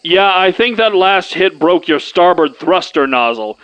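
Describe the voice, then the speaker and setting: A man's voice: high voice, a little slow, clear, resonant tone, muffled recording. A man playing an easygoing space detective. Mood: calm. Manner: calm, reasonable, lightly sarcastic. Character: male space detective, easygoing, rule-minded. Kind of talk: hobby audio drama.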